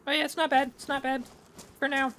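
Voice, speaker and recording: Man doing a goofy clown voice, very high, bright and piercing, chirpy, third-person talk. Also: flat delivery, a little fast, slight background noise. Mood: playful. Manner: chirpy, talks about himself in third person. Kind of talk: online game role-play.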